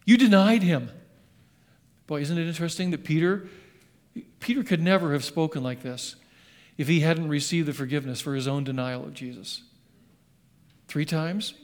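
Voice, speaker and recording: A middle-aged man, a pastor, preaching a sermon in an animated way, acting out scripture voices. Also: on the high side, normal speed, pauses often. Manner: animated, acts out scripture voices, sings along.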